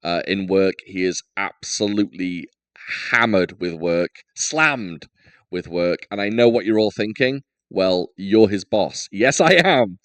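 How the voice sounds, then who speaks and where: A man's voice: low-pitched, expressive, measured pace, a bit bright, dry recording. Jokey, rambling man hosting a podcast. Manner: jokey, rambling, lots of fillers. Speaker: podcast host. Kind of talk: casual podcast chat.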